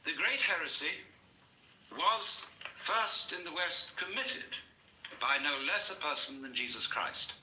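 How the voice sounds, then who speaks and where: Wry lecturing man, very bright tone. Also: fairly high pitch, a little slow. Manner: wry, lively storytelling. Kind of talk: anecdotal public lecture. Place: lecture hall before an audience. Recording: roomy lecture hall recording with faint hiss.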